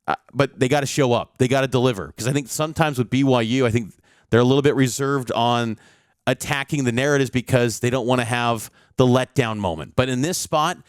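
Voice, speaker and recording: A man with a smooth, resonant voice breaks down a college football matchup like a seasoned sports reporter. He talks with confidence, piling up stats to make his case. The sound is close and dry. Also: medium pitch, fairly quick, dry recording. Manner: confident, analytical, stat-heavy delivery. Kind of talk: game preview commentary.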